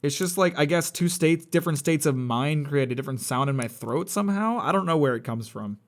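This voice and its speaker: A man's voice: on the high side, lively intonation, a little fast. A young man chatting casually on a live stream, rambling, blunt and profane with a sardonic edge. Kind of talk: casual live-stream chat while building a model kit.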